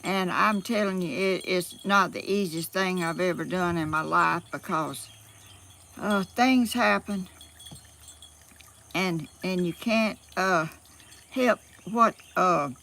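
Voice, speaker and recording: A Georgia woman with a Southern accent speaks slowly in a lowish, gravelly voice that's fairly bright. She's vlogging live from her phone out in the open, a little out of breath, rambling folksily and laughing often amid her fillers.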